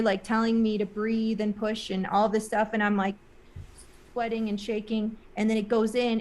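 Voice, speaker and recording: A woman guest in an interview, telling a personal story in a casual, rambling way with many "like" and "um" fillers, earnest and emotional. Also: mid-range voice.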